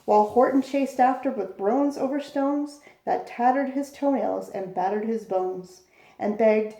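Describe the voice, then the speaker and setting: A woman reading a rhyming picture book aloud as a bedtime storyteller, with a steady rhythmic cadence. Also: a little high, measured pace. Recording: echoey room.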